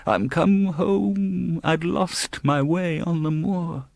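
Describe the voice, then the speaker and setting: A man voicing the wailing ghost of a lost little girl, sobbing and pleading in a drawn-out way, in an audiobook. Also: on the high side, vocal fry, a little mellow, dry recording, voice pushed up. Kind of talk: audiobook character voice.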